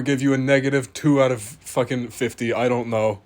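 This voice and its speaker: Male host, deadpan comedic commentary; mock-serious animal critic, casual swearing. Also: mid-range voice, normal speed, hardly any pauses. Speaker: host reviewing animal pictures.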